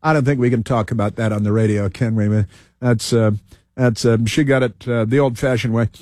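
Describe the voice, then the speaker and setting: A man's voice: medium pitch, steady tone, a little fast, darkish tone, dry recording, clean studio sound. A man hosting a talk radio show, giving sarcastic, combative commentary over news clips and repeating phrases for emphasis.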